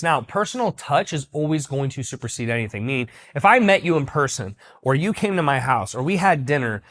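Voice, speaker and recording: A man's voice: medium pitch, fairly bright tone. A young man, a business coach, giving a confident, direct, salesy talking-head lesson.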